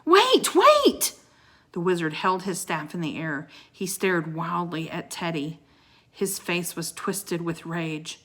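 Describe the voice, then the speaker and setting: A woman reading a children's book aloud with dramatic expression, pausing to show the pictures. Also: on the low side, little pitch movement, fairly bright tone. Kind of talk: expressive read-aloud storytelling.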